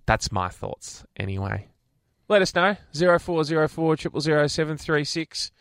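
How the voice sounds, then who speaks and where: A man's voice: fairly high pitch, very animated, moderate pace, a bit bright, no room sound, clean studio sound. A man co-hosting a radio show, chatting casually and teasing his co-host. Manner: playful, teasing, breaks into silly made-up songs.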